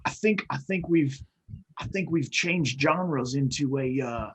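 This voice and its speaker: A man's voice: mid-range voice, a little slow, fairly bright tone, slightly rough, rough recording. A man playing a tabletop role-playing game, joking around in playful banter. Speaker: player. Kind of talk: casual tabletop role-play chat.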